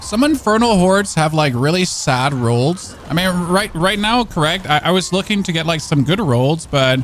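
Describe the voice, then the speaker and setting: A man's voice: on the high side, lively intonation, normal speed, slight background noise. A man from Germany with a German accent, chatting casually as he streams a game, rambling and joking and often restarting his sentences. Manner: chatty, rambling, jokey, repeats and self-corrects. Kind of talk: casual gameplay commentary.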